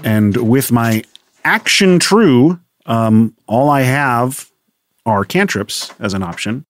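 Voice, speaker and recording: A man's voice: mid-range voice, animated, slow. A man playing a tabletop role-playing game, describing his character's actions in a casual, wry way. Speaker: player.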